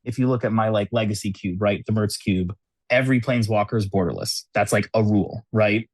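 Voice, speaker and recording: Brisk and fairly even in intonation, this lowish male voice sounds a little mellow, with no room sound. He is an American cube designer chatting as a guest on a New York City podcast, laughing a lot and using many "like" and "you know" fillers in a casual interview.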